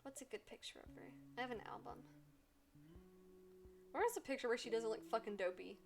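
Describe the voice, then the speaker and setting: A woman's voice: on the high side, brisk, gravelly. A woman streamer chatting casually while playing a game, rambling and gushing with casual swearing. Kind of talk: casual let's-play chat.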